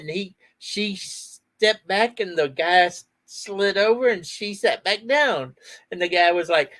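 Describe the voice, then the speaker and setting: A middle-aged man hosting a casual outdoor chat, telling animated stories and laughing often. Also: sits high, a little slow. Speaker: host.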